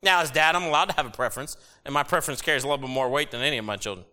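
A middle-aged man preaching a sermon, animated and jokey with sudden loud bursts. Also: mid-range voice, rapid-fire. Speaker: pastor.

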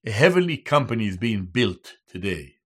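A man preaching a sermon as a Bible teacher, slow and emphatic, repeating each key term in Hebrew and English. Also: on the low side, big pitch swings, slightly rough.

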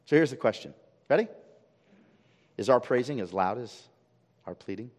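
A man's voice: animated, moderate pace, long pauses. Impassioned male pastor in a reverberant church. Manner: impassioned preaching that swings from loud emphatic peaks to quiet low pleading; asks the congregation rhetorical questions. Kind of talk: sermon. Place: church sanctuary. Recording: long reverb of a church hall.

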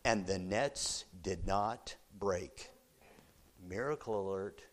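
In a church, a man delivers a sermon as a story, full of animated energy, shifting from hushed, low asides to loud, excited outbursts. He takes his time.

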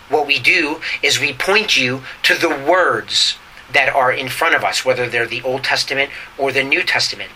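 Bright-voiced pastor preaching a sermon. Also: male voice, on the high side, a little hiss or hum, rough recording. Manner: teaching, often checking in with "right?"; reads scripture slowly and deliberately.

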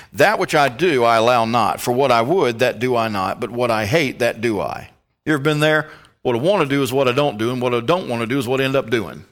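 A man's voice: mid-range voice, fairly bright tone. A man with a Southern American accent preaching a sermon as pastor in a church, folksy and conversational, often quizzing his congregation.

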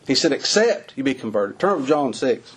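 A man preaching a folksy sermon, his voice climbing high on the emphatic lines. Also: very animated, brisk, a little hiss or hum.

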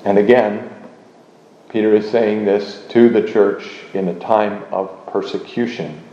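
A man's voice: lowish voice, steady tone, dark tone. Man teaching doctrine in a roomy hall. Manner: measured, deliberate, with frequent uh fillers. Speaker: teacher of a confession. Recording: roomy, dull lo-fi recording.

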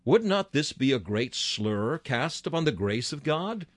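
A man's voice: medium pitch, big pitch swings, unhurried, dry recording. A man preaching a sermon with fervent delivery, his voice rising sharply on key words.

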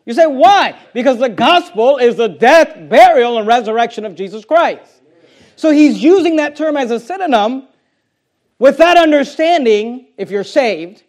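Pastor, male, strikingly high pitch; emphatic, combative pulpit delivery that drives points home by repetition. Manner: emphatic and confrontational, repeats key phrases. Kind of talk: sermon.

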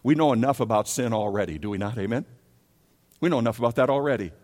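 A man's voice: mid-range voice, fast talker, darkish tone. Emphatic male preacher in a big hall. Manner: emphatic preacher who rises and drops in volume, repeating key words. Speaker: pastor. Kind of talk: sermon. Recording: long reverb of a large hall.

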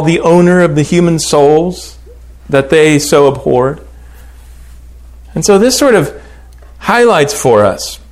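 A man teaching a Bible lesson, reading scripture aloud and commenting on it with lively emphasis. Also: a little high.

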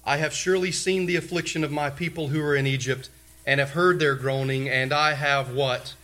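A male pastor preaching a sermon, repeating key phrases emphatically and swinging between loud declarations and hushed lines. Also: on the high side, steady tone, normal speed.

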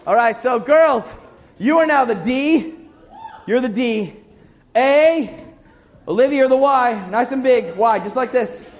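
A man leading a children's church song game, coaxing the kids and singing and shouting cues. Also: very high voice, expressive, a little slow, long pauses.

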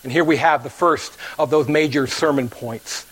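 A man's voice: a little high, normal speed, fairly bright tone, poor audio. A male pastor preaching a sermon, acting out the story's characters and dropping at times to a near whisper.

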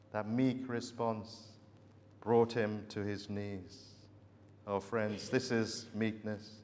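Slow, emphatic male preacher in a hall. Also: mid-range voice. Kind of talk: sermon. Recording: long hall reverb.

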